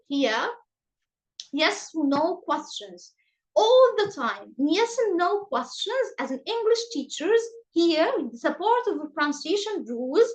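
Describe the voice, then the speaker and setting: A high-voiced woman with an Egyptian accent teaches English over a video call. She takes her time and stresses each word. Her pitch swings widely as she models questions and statements. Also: rough recording. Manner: slow, emphatic, exaggerated rising and falling pitch. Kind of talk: online class teaching.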